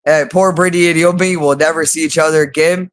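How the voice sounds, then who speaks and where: A man's voice: on the high side, fairly even intonation, fast, smooth. A man talking unscripted on a livestream, heavily profane and repeating the same phrases again and again. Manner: repeats phrases over and over, heavy swearing.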